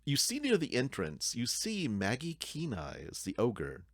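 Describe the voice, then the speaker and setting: A man narrating as dungeon master in a relaxed, descriptive way. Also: medium pitch, a little slow, no echo. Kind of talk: narrating a tabletop game.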